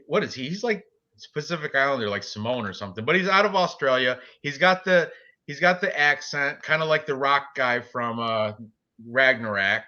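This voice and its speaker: A man with a bright, forceful voice, rambling through fight picks in casual podcast chat and correcting himself as he goes. His voice comes through a slightly dull, lo-fi recording. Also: mid-range voice, lively intonation, normal speed. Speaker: co-host giving fight picks.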